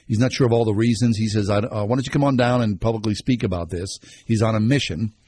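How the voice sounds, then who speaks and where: A man's voice: fairly low pitch, quick pace, mellow, slightly rough. A man co-hosting a radio show, chatting casually and telling stories with plenty of fillers. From Pittsburgh.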